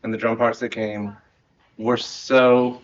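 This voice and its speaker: A man in his thirties speaks to his marching band at season's end in an earnest, rambling way, often laughing and restarting his sentences. His pitch sits in an ordinary middle range. The audio is dull and lo-fi. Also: level tone, slow pace, noisy background. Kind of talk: heartfelt end-of-season speech to students.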